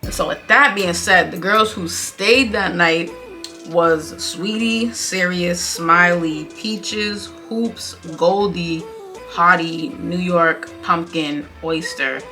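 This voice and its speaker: Bright-voiced, sassy young woman. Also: fairly low pitch, takes it slowly, soft background music. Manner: sassy, blunt, opinionated, uses slang. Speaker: commentary vlogger. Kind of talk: casual reality TV recap commentary.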